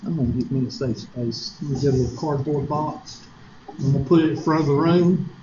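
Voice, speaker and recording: A man with a South Carolina Southern accent teaches a math class, joking and wandering off topic, often tossing rhetorical questions at his students. His voice sits a little high for a man. The classroom recording is dull and lo-fi, with a faint hiss underneath. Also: brisk. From Upstate South Carolina, US. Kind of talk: classroom lecture with digressions.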